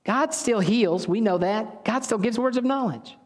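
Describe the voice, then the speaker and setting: This is a man's high voice at a moderate pace, preaching conversationally and telling stories while regularly correcting himself. He is a pastor, and the sound echoes with the long reverb of a hall.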